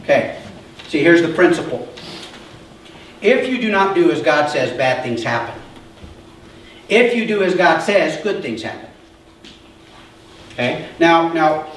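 A man with a high voice preaches a sermon in a relaxed, chatty way, often asking his listeners whether they follow. He is picked up from a distance in a very echoey church hall. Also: slight background noise. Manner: conversational preaching, asks the congregation questions. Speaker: pastor.

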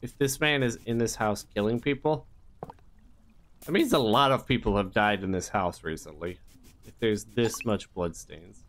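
A gaming YouTuber with a fairly low, fairly bright voice plays a horror game at a moderate pace, with slight background noise. His comedic let's-play commentary is jokey and rambling, full of mock-innocent asides and sing-song sound effects.

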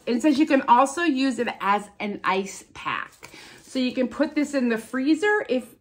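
A woman in her fifties chatting excitedly as a vlogger opening viewer mail, sounding stuffed up from sinus trouble. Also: sits high, a little slow. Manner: bubbly, gushing, chatty. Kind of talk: casual chat.

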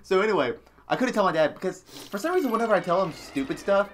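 A man's voice: high-pitched, lively intonation, quick pace, slight background noise. A young man co-hosting a let's play, telling crude jokes and stories in casual chat while gaming. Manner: crude joking storyteller.

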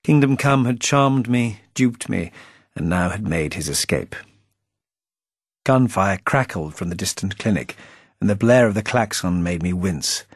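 A man reading his own novel aloud as an audiobook, narrating in a dry, wry and measured way. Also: lowish voice, lively intonation, breathy edge, no room sound.

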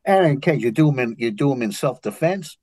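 Speaking briskly at medium pitch, an older man with a New York accent is the guest in a storytelling interview, relating martial arts stories. He's an animated teller who acts out the quotes.

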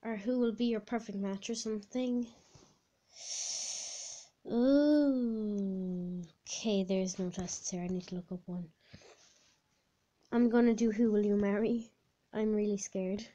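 A woman vlogging in a casual chat while doing online quizzes, thinking aloud with lots of fillers and sudden excited outbursts. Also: medium pitch, normal speed, muffled recording. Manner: chatty, thinks aloud with many fillers, bursts into squealing outbursts.

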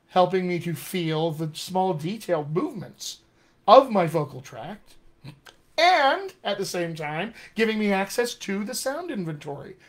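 A man with a General American accent, teaching accents in a live-streamed lesson with an energetic, emphatic manner. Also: sits high. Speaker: dialect coach. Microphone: webcam or phone mic.

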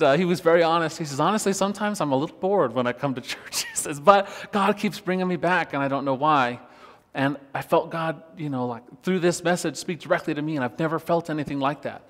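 A male worship pastor preaching a sermon, telling a personal story with lively, laughing retellings of conversations. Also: a little high, long reverb tail. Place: church.

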